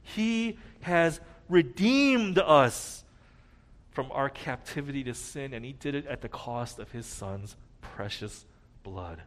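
A man preaching a sermon, earnest, rising to loud emphasis and dropping to a near hush at key points. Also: mid-range voice, moderate pace. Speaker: pastor.

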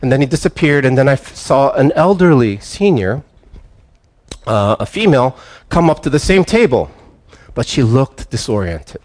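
An older man, a pastor giving a sermon in a relaxed, conversational storytelling way with frequent restarts. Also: mid-range voice, moderate pace.

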